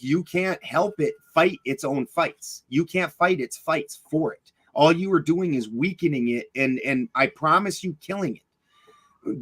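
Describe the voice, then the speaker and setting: A man's voice: on the high side, fairly bright tone, poor audio. A middle-aged man telling a personal story in a casual interview, blunt and rambling, swearing freely, with many fillers and restarts. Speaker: podcast guest.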